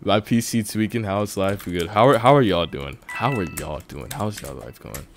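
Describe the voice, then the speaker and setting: Excitable young man streaming a game. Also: on the low side, normal speed, slight background noise. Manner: reads chat aloud, excitable, swings between loud outbursts and mumbling. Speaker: livestreamer. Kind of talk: casual live-stream chatter while gaming.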